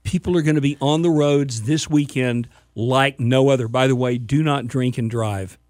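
A man's voice: mid-range voice, normal speed, a little mellow, no echo, clean studio sound. A man co-hosting a weekend radio show, chatting casually and reading out phone numbers. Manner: reads phone numbers and web address, easygoing.

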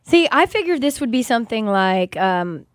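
High-voiced bubbly woman radio host. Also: sing-song, normal speed, no room sound, studio quality. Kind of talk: casual radio chat.

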